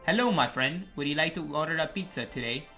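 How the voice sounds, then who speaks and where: A man's voice: fairly high pitch, animated, fast talker, sharp tone, soft background music. A man putting on a mock Indian accent. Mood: sheepish. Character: young man faking a pizza courier.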